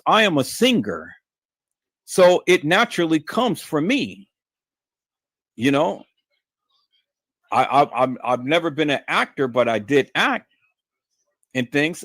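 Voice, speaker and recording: With clean studio sound and no room sound, a man hosts a YouTube live stream, repeating himself in a monologue to viewers he addresses as "peoples." His voice moves between low muttering and high, shouted emphasis.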